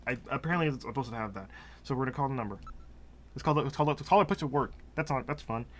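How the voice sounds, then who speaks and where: A man's voice: medium pitch, animated. A man doing let's play commentary, rambling and joking as he plays and laughing often. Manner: rambling, jokey, quick to laugh. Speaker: gameplay commentator.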